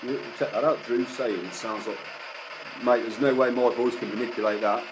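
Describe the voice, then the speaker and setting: A man's voice: medium pitch, steady tone, moderate pace. A man on a live ghost hunt, calling out to spirits in a commanding way. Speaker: ghost hunter. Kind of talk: live paranormal investigation. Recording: noisy ambience.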